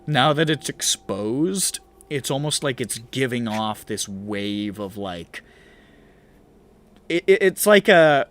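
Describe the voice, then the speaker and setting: A man's voice: medium pitch, lively intonation, takes it slowly, a bit bright, slight background noise. A man narrating as game master in a tabletop game, rambling and swearing casually as he describes scenes.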